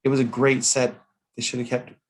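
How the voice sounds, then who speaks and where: A man's voice: medium pitch, completely flat delivery, slight background noise. A man co-hosting a casual review chat, playful and showy, drawing out his announcements. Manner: playful showman, drawn-out announcer build-ups. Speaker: co-host.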